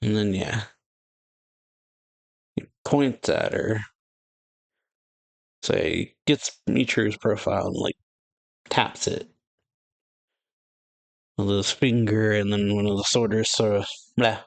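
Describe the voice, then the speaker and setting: A man's voice: lowish voice, takes it slowly, gravelly, pauses often, no echo. A man hosting a manga reaction channel, reading a chapter aloud in a loose, rambling way full of fillers, with casual commentary. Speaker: YouTube manga reaction host.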